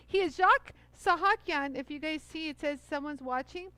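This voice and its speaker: Her high voice sounds pushed and bright as she talks at a moderate pace with few pauses. The middle-aged live-stream host demos jewelry tools, chatty and bubbly, full of fillers, calling viewers "you guys"; the audio is poor.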